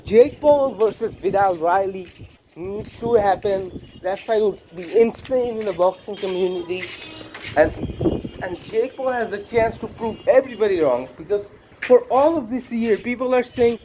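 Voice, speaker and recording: Man with a high voice, faint hiss behind. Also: moderate pace, warm tone. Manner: blunt, profane, repetitive. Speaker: combat sports commentator. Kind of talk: casual opinion monologue.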